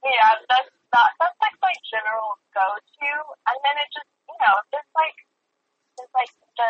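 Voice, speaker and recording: A woman from the American South chats as a podcast guest, upbeat and sprinkling in lots of "like". Her voice is a little husky. The line sounds muffled and lo-fi, close and dry. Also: high voice, animated, moderate pace, dry recording. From Southern United States. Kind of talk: casual interview chat.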